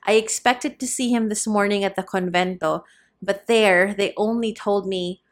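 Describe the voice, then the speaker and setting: A woman's voice: medium pitch, steady tone, moderate pace, natural voice. A woman voicing a poor, desperate peasant mother who pleads in fear, in an audiobook reading. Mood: pleading. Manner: pleading, fearful.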